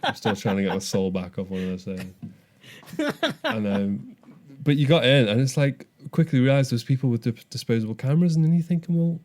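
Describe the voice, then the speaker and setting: Man, young adult, fast talker, mellow low voice, animated storyteller. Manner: animated storytelling with frequent restarts. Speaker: podcast co-host. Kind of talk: casual chat.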